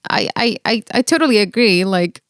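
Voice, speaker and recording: A woman's voice: medium pitch, animated, clean tone, dry recording, clean studio sound. A young adult woman co-hosting a podcast in casual chat, joking and stumbling over her words. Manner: joking, stammering restarts, quick asides. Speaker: podcast co-host.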